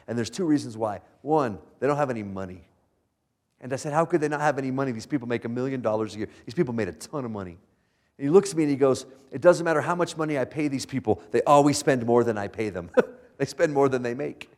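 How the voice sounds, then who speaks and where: Guy talking fast to college students, jokey storyteller, does the voices of people in his stories. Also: lowish voice. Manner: animated, jokey, acts out voices in anecdotes. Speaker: guest speaker. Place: university lecture room.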